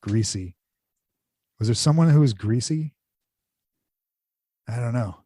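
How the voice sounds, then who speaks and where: Deadpan man cracking jokes on a podcast. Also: medium pitch, slow pace, no echo. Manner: deadpan, joking asides and repeated one-word quips. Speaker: podcast co-host. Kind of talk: casual movie recap chat.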